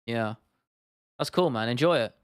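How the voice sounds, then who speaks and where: Rambling young British streamer, smooth voice. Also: male voice, mid-range voice, normal speed, no echo, studio quality. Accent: British English. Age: 20s. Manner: rambling, swears casually, reads and answers chat. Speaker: YouTube streamer. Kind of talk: casual live-stream chat.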